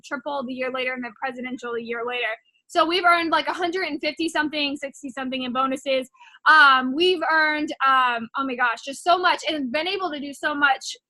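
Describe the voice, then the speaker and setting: Chatty high-voiced young woman. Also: bright, forceful tone, dry recording. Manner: chatty, rambling, heavy filler words. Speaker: network marketing distributor. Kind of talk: casual personal testimony.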